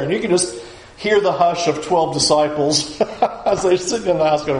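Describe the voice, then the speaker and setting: A man with a high-pitched voice preaches a sermon in a casual, joking way, slipping into little acted-out voices as he talks. The room around him rings with echo. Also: expressive, moderate pace. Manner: conversational, acts out quoted voices with humor. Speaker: pastor.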